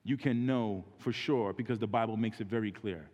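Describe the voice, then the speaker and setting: A man delivers a sermon from the pulpit, his voice on the low side and earnest throughout. He shifts into a quieter tone when acting out conversations with people on the street. The church sanctuary adds a long, lingering reverb to every phrase. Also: moderate pace. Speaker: pastor.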